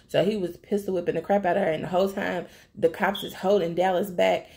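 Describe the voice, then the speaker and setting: A woman with a lowish, gravelly voice tells a TV episode's story in a chatty vlog. She talks straight to her viewers and narrates with lively flair. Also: a little fast. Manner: chatty, addresses viewers directly; animated storytelling. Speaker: TV recap vlogger. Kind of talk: casual episode recap.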